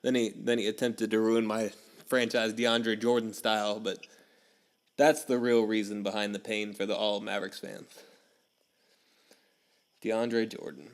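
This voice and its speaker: Young guy podcast host, super animated, acts out his reactions while he rants about sports. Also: lowish voice, a little slow, pauses often. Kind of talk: casual sports podcast chat.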